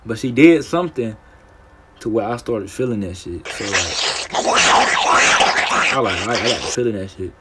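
Low-voiced young man, rambling storytime. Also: moderate pace, long pauses, very noisy. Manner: rambling, profane, stuttering. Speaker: gaming streamer. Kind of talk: casual storytime over gameplay.

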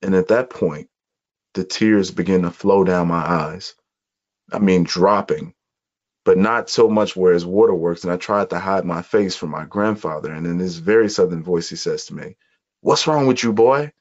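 A man from Chicago, a podcast guest, telling his life story in an earnest, measured way during an interview. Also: deep voice, fairly even intonation, a little mellow. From Chicago, USA. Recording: dull lo-fi audio.

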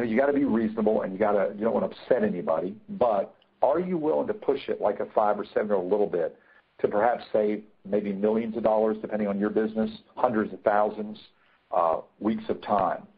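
A man's voice: fairly low pitch, brisk, slightly rough. A man teaching negotiation in a webinar, emphatic, repeating his key points, with many fillers. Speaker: negotiation trainer. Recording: tinny phone-like line.

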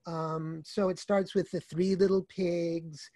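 A man speaking as an author guest in a conversational interview, with a warm, mellow tone. He explains things in a measured way and often circles back to restart a phrase. The recording is dry and close, with little room sound. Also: high-pitched, flat delivery, no room sound.

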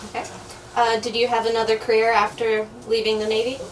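A woman interviewer asking short, soft-spoken questions in an oral history interview. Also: a little high, monotone, brisk. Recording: distant mic, faint background noise.

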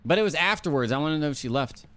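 A man's voice: fairly high pitch, animated, racing, fairly bright tone, clean tone. A man streaming a ghost-hunting game, chatting casually and calling out to the ghost and his teammate. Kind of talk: casual gameplay chat.

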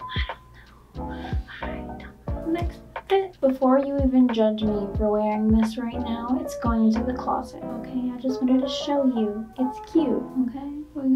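A high-pitched young woman chats breezily through a try-on haul, tossing in "like" and "okay?" all the time. She sounds set back from the mic, the sound a bit muffled, with music playing clearly underneath. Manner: chatty, playful, filler-heavy with "like" and "okay?". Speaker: vlogger. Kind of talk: casual try-on haul chat. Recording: muffled and distant with background music.

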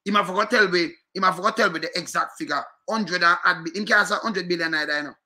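A male commentator with a Jamaican accent delivers a fired-up, repetitive rant to his viewers, full of rhetorical questions. He speaks at a quick pace in a high, sharp voice.

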